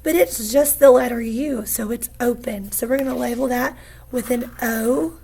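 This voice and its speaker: A woman teacher giving a phonics lesson, patient and encouraging, repeating each word slowly for young students. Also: on the high side, gravelly, dark tone, a little hiss or hum. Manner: slow, patient, encouraging, repeats words aloud.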